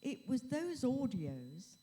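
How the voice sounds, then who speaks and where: Woman on a con panel, mellow voice, kinda hesitant and thoughtful. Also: sits high, sing-song, slow. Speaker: convention panel guest, actress. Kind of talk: casual panel talk. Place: convention hall stage.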